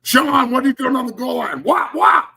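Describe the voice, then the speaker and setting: A man voicing a young male quarterback who yells at his coach in high, mocking shouts. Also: normal speed, vocal fry, husky, exaggerated voice. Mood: shouting.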